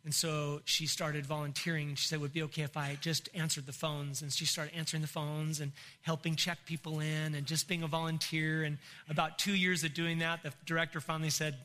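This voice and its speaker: Bright-voiced pastor man, emotional testimony. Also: on the high side, level tone, fairly quick, hardly any pauses. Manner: emotional, tearful storytelling with laughs. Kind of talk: sermon testimony.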